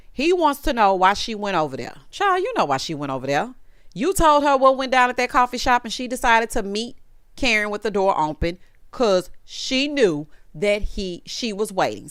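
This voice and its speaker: Sassy, animated woman recapping a show. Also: mid-range voice, normal speed, clear, resonant tone, no echo, studio quality. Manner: sassy, animated, acts out quotes. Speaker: recap vlogger. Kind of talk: casual TV recap.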